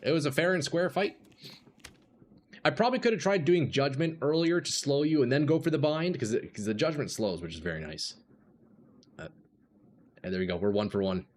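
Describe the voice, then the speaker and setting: A man's voice: mid-range voice, fairly quick, pauses often. A young man streaming a video game, talking chattily to other players and calling them bro. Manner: chatty, calls people bro and brother. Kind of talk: live gameplay commentary. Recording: steady noise behind the voice.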